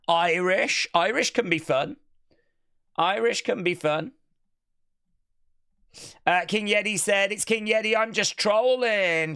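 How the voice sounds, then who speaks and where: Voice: medium pitch, gravelly, a bit bright, clean tone. A stream host talks casually into a desk mic, reading out chat comments with a playful touch. The voice rises and falls a great deal. It sounds chatty and unscripted. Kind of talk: casual watch-along chat.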